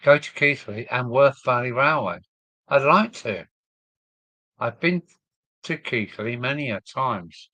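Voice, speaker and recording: Older southern english host, slow rambling live-stream chat, dry close sound. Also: male voice, medium pitch, animated, sharp tone, no echo. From southern England. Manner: rambling, chuckling, reading viewer comments aloud. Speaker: model railway live streamer. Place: home loft.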